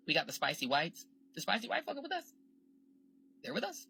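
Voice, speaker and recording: A woman's voice: low-pitched, lively intonation, fast talker, bright, forceful tone, breathy edge. A woman delivering a sassy, defiant social media rant, mocking other people's voices as she goes. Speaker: commentator.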